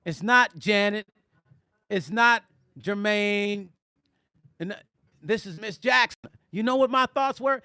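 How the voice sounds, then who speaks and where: A middle-aged man tells stories on a casual livestream in a high, bright voice. He talks animatedly and speaks directly to his viewers. The sound is dry and close. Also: slow, long pauses, clean tone, no room sound. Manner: animated, addresses viewers directly, reads chat aloud. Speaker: musician and vlog host.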